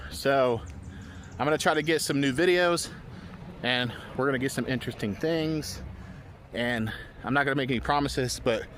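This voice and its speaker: Medium in pitch and a bit bright, this man's voice comes through a handheld phone with slight hiss or hum. He narrates a casual outdoor vlog while trudging up a steep hill, breathless, rambling with self-deprecating jokes and restarting sentences that trail off.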